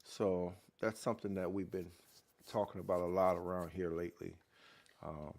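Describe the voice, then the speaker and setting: A man hosting a vlog, giving casual commentary in a halting way with fillers that grows more emphatic. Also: low voice, little pitch movement, gravelly, darkish tone. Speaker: vlog host.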